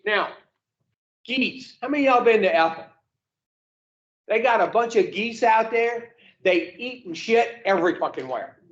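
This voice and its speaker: In lo-fi, slightly bright audio, a man with a high, animated voice gives a blunt motivational talk to an addiction recovery group. He's a little slow and pauses often, speaking plainly and profanely while peppering the room with rhetorical questions.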